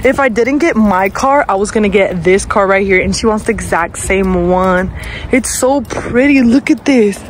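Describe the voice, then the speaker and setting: A woman's voice: mid-range voice, moderate pace. A young woman talking casually to her camera, playful and jokey, with lots of exaggerated reactions. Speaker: vlogger. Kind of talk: casual vlog chat. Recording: noisy phone recording.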